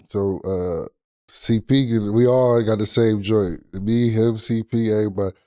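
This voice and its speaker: A man's voice: lowish voice, steady tone, measured pace, mellow, no room sound. Guy guest on a podcast rambling thru a story, restarts a lot, acts out other people. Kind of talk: casual chat.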